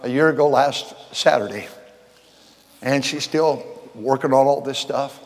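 An older man preaching a folksy sermon, repeating words and swinging from shouts to quiet talk. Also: medium pitch, a little slow. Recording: long hall reverb.

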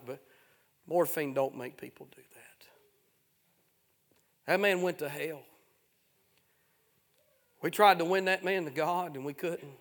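A preacher with a very high, gravelly voice delivers a fiery revival sermon. He chants in drawn-out phrases, punctuated with "uh," rising to shouts and dropping low. It sounds like an old-time pulpit preacher working up a congregation.

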